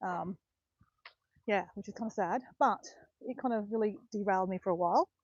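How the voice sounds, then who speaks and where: Walking through botanical gardens, a vlogger of about fifty chats casually, rambling and correcting herself along the way. Her medium-pitched voice is brisk and slightly mellow, and the recording is muffled with no room sound.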